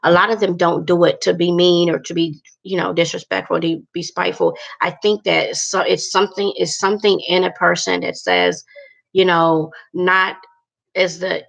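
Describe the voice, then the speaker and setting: A woman's voice: on the low side, level tone, normal speed, creaky. A woman talking candidly and bluntly to her viewers in a casual vlog, cursing freely and using lots of fillers. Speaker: vlogger.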